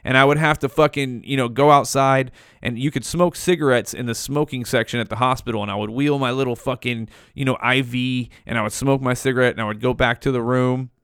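A man's voice: medium pitch, steady tone, a little fast, few pauses, a bit bright, clean tone, dry recording, studio quality. A man in his forties telling a story from his youth in a laid-back, casual way, swearing a lot and saying "dude" often.

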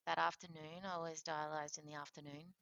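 Woman, animated storyteller, lower voice, dull lo-fi recording. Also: a little fast, gravelly, dry recording. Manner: animated, acts out quoted voices, laughs often. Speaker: interview guest sharing her transplant story. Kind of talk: candid conversational storytelling.

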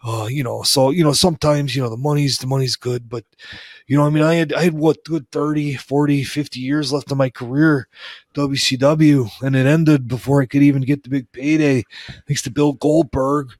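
A man's voice: medium pitch, fairly even intonation, normal speed, a little mellow, no echo. Man, rambling comic storyteller, lots of "you know", dry close mic. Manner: rambling, heavy with fillers and restarts. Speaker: former wrestling referee telling stories.

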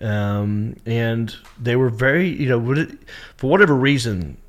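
A man from the American South chatting backstage after a comedy show. He talks in a loose, animated way, laughs often and acts out the shouts of a crowd. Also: medium pitch, a little slow. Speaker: headlining comedian. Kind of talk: casual backstage chat.

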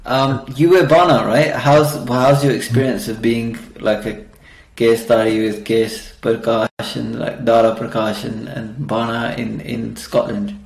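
A man's voice: mid-range voice, level tone, a little slow, creaky, roomy sound, poor audio. A man hosting a podcast, asking questions in a friendly, casual way with frequent fillers and reactions. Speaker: podcast host. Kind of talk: casual interview.

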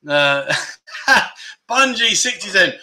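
A man hosts a relaxed live chat, reading out comments and breaking into frequent laughs. His voice sits a little high and sounds bright and forward. He slows right down when he teaches a foreign word. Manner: chuckling often, teaching Thai words slowly. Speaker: livestream host.

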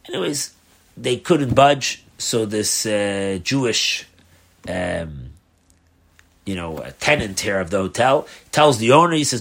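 A man's voice: mid-range voice, a little slow, creaky, slightly rough. A man, a rabbi, telling a story in a loose lecture style and acting out the dialogue. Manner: animated, acts out the dialogue; loose, with fillers.

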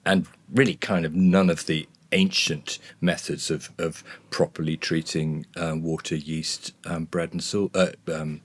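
A man's voice: low-pitched, husky. A man talking as a guest in a casual discussion, hesitant with many restarts. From Scotland.

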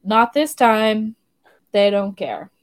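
A woman's voice: medium pitch, animated, slow. A woman co-hosting a podcast, recapping a cartoon episode in casual chat with sarcastic asides and frequent laughter. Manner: giggly, sarcastic commentary. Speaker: podcast co-host.

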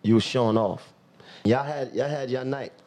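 A man's voice: mid-range voice, a little mellow. A man, hosting a podcast and joking around with his guests. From Brooklyn, New York. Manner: joking, quick interjections. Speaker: host. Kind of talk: casual podcast chat.

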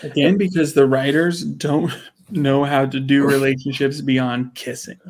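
Gravelly-voiced man, casual podcast co-host. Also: mid-range voice, little pitch movement, unhurried, a little mellow. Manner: laughs often, acts out quotes of characters. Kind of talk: casual chat.

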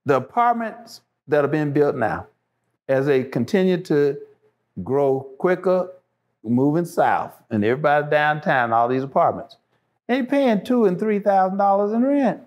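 A man's voice: fairly high pitch, very animated, moderate pace, darkish tone. A man, a show guest, talking passionately and emphatically, repeating phrases to drive his points home. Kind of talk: impassioned casual talk.

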